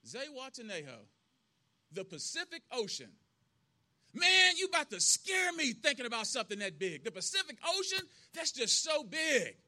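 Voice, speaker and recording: Brief: weary aging convict read by a preacher, bright, high, resigned, rising to a fearful shout. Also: male voice, very animated, measured pace, full character voice. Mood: alarmed.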